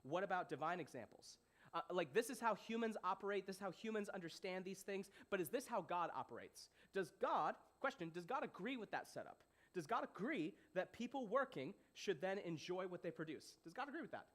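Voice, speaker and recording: A young adult man preaching a casual, animated sermon as a young adults pastor, joking and asking his listeners questions. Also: high voice, fairly quick. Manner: animated, playful, asks the audience questions.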